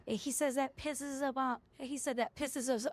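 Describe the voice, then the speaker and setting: A woman's voice: high-pitched, fairly even intonation, unhurried. A woman game streamer in casual chat, spinning stories in a chatty way while she plays. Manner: chatty storytelling with restarts.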